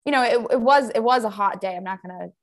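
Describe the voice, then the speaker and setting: A woman's voice: fairly high pitch, fast talker. A woman in her thirties, a podcast co-host, telling a story in casual chat and acting out the voices of people in it. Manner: animated storyteller, acts out quoted voices. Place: home, under a blanket.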